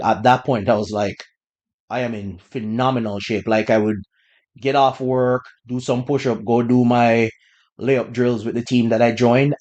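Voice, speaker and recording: A man hosting a podcast, telling a personal story in a relaxed, conversational way with bursts of laughter. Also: medium pitch, lo-fi sound. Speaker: podcast host. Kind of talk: casual storytelling.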